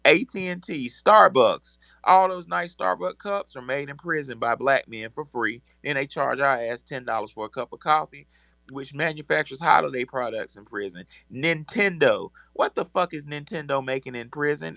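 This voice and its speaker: A man's voice: fairly high pitch, moderate pace, vocal fry, pushed and bright, no room sound. A man hosting a podcast discussion, reading a book aloud with profane, incredulous asides. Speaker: host.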